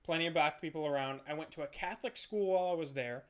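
High-voiced young man, loose podcast chat. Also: quick pace. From Ohio. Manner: loose, profane, laughing storyteller. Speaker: comedian guest.

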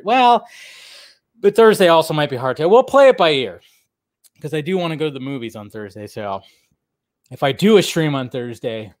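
A man's voice: medium pitch, no echo, studio quality. A man hosting a casual live stream, rambling and chatty, with lots of fillers and restarts.

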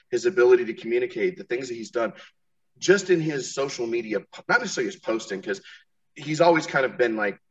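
A man's voice: medium pitch, a bit bright, distant mic. A man talking loosely on a podcast, circling his point with restarts and swearing. He sits a little back from the microphone, and the sound is dull and lo-fi. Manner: rambling, profane, restarts often. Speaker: podcast host. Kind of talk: casual interview chat.

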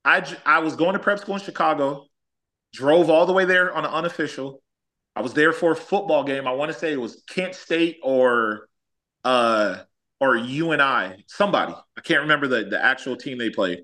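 A man's voice: on the high side, normal speed. A man from Los Angeles, a former college athlete, telling stories in a casual chat and acting out quotes. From Los Angeles, California. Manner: animated, acts out quotes, says "like" often.

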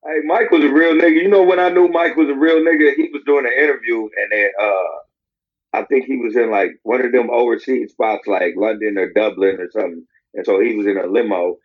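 A man's voice: medium pitch, brisk. A man co-hosting a podcast, telling loose, profane stories in casual chat. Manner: loose, profane storytelling with put-on impressions. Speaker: podcast co-host. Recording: dull lo-fi podcast audio.

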